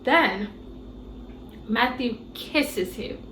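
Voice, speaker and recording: A woman giving a casual movie review, retelling scenes in an animated, incredulous way. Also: on the high side, drawn-out words, echoey room, a little hiss or hum, rough recording.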